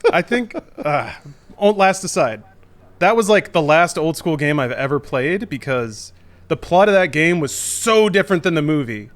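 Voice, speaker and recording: Young dude rambling excitedly, lots of likes and ums, bit high voice. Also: male voice, normal speed. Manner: excitable, rambling with many fillers. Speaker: podcast co-host. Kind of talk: casual chat.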